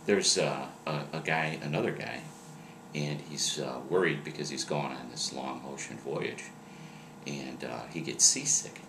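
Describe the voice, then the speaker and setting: A man telling jokes in a halting, rambling way, pausing often to search for words. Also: a bass voice. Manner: rambling, halting storyteller with many "uh"s. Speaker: joke teller. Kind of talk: casual joke telling. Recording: noisy outdoor recording with crickets.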